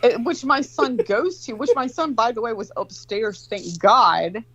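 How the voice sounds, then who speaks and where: A woman's voice: a little high, expressive, measured pace, a bit bright, husky, dry recording, lo-fi sound. A woman in her forties telling a long, profane, rambling story in casual chat.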